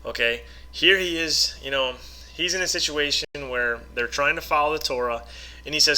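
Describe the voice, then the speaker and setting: Here an online Bible teacher talks to camera in a fairly high, bright voice with a forceful tone and moderate pace. His lesson is casual: he reads scripture aloud and then explains it in an informal, conversational way, regularly asking "okay?" and "right?"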